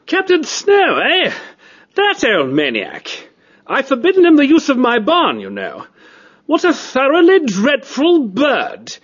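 A man narrating a storybook and voicing a cultured, disdainful male cat aristocrat with a high, reedy tenor voice. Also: wildly swooping pitch, takes it slowly, a bit bright, husky, lo-fi sound, heavily acted. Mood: weary. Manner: fussy, disdainful, plummy.

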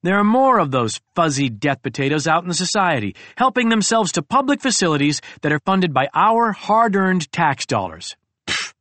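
A man narrates a first-person audiobook with a slightly raised pitch, throwing his voice up and down to sell the comedy. The recording is close and dry, with no room sound around him. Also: normal speed, few pauses, no room sound. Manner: expressive, comic storytelling with big pitch swings.

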